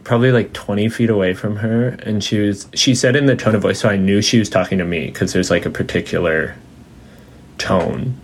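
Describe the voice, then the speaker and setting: Low gravelly rambling man. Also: steady tone, brisk. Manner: rambling storyteller, lots of fillers and laughs; acts out his mom's voice when quoting her. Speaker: podcast guest. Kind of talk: casual chat.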